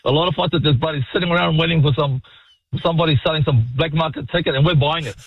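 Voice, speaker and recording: A man calling a sports radio talkback show, blunt and excitable, swearing freely and calling everyone mate. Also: on the high side, fast, husky, no echo. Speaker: caller. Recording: muffled phone line, dry.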